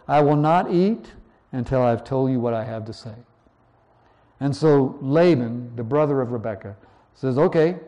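A man preaching verse by verse, reading scripture slowly and then explaining it in a conversational way. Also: a little high, warm tone. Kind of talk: verse-by-verse Bible teaching.

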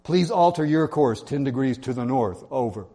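A man playing a calm, polite private. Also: medium pitch, moderate pace. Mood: firm polite. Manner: firm, courteous. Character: calm polite male lighthouse keeper private.

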